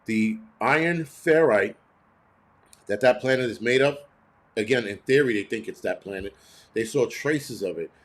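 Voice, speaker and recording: A man's voice: mid-range voice, normal speed. A man hosting his own show, ranting in heated, blunt, profane commentary full of rhetorical questions. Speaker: host.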